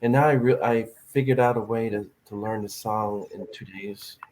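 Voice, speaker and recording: A man hosting a podcast in casual chat, telling stories with lively, acted-out quotes. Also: fairly low pitch, normal speed, slight background noise, low-quality recording. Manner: animated storyteller, acts out quotes. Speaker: podcast host.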